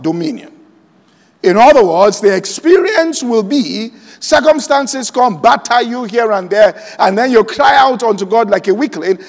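In a large, reverberant church hall, a male pastor with a very high voice delivers a sermon to his congregation. He preaches slowly and deliberately, quoting scripture aloud and checking in with the people often.

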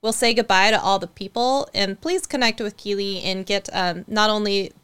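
A woman hosts a live stream in easy, chatty talk with a smooth, clear voice. She is playful and teasing, quick with a joke at a friend's expense. Her pitch sits in the middle range. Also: a bit bright. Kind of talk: casual live stream chat.

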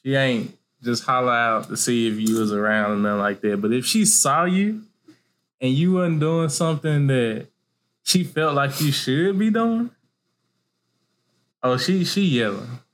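A man's voice: medium pitch, expressive, unhurried. A man, co-hosting a podcast in a laid-back casual chat. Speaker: podcast co-host.

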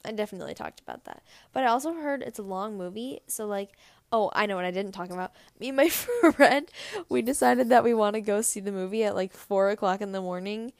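A woman's voice: medium pitch, a little fast, creaky, no echo. Teen girl rambling on her podcast, lots of likes and giggles, dry close sound. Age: teens. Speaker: podcast co-host. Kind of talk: casual solo podcast chat.

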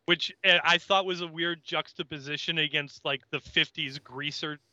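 A man in casual podcast chat, retelling a scene and slipping into the characters' lines. His voice is bright and crisp, recorded dry and close. The sound is slightly dull and lo-fi. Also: on the high side, steady tone, moderate pace. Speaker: podcast co-host.

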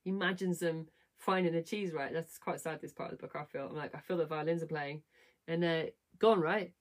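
Rambling woman host, casual chat, slightly low voice. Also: fairly even intonation, brisk. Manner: chatty, rambling, self-correcting, asks "right?" often. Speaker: live stream host. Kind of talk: casual chat retelling a book.

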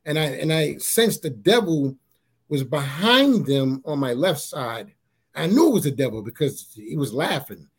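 Man telling his testimony, halting and earnest. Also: slightly rough. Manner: halting, repeats words, often says "you know what I'm saying"; grows animated at high points. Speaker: guest sharing a testimony. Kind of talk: casual spoken testimony.

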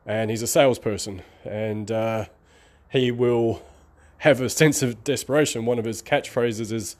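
A man's voice: medium pitch, fairly even intonation, measured pace, darkish tone. Middle-aged man, Australian-New Zealand accent, slight lisp, drawls a little; candid, rambling vlogger talking straight to camera. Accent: between Australian and New Zealand. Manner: draws out his speech, rambling and candid. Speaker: online marketing vlogger. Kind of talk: casual talking-to-camera monologue.

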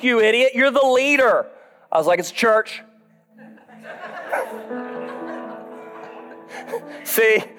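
A man with a drawl preaches in a sermon, his voice sitting unusually high and swinging widely in pitch. He tells stories on himself with humor, soft at times and shouting at others. Faint music plays behind him. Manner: storytelling, self-deprecating, swinging between soft asides and shouted peaks. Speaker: pastor.

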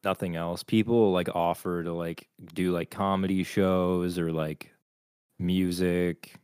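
Blunt swearing young man, very deep voice, dry close mic. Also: flat delivery, a little slow, a little mellow, clean tone, no echo. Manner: blunt, swears a lot, argumentative. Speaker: podcast co-host. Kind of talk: casual crude podcast banter.

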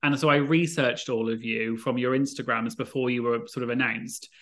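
A man's voice: medium pitch, fairly even intonation, normal speed, a bit bright. A man interviewing a guest for his channel, chatty and enthusiastic with his questions. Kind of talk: casual interview chat.

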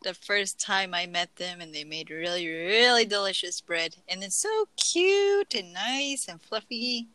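Woman on a podcast, bright voice, dry close sound, tells stories w/ little quoted bits. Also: medium pitch, animated, measured pace, hardly any pauses, dry recording, poor audio. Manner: storytelling with quoted asides and laughter. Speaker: podcast co-host. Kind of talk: casual chat.

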